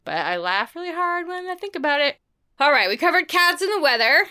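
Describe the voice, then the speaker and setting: A woman's voice: high-pitched, a little fast. A woman in her forties co-hosting a podcast, chatting casually and playfully, often putting on silly voices when she tells a story. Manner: animated, playful, slips into silly voices for stories. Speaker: podcast co-host. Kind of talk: casual chat about books and daily life.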